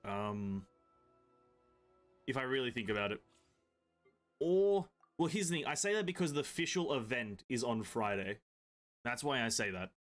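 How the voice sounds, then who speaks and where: A man's voice: medium pitch, lively intonation, moderate pace, pauses often, fairly bright tone, faint music behind. A man from Europe streaming a video game, chatting casually with his viewers, swearing freely and bantering with them. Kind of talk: casual live-stream chat while playing.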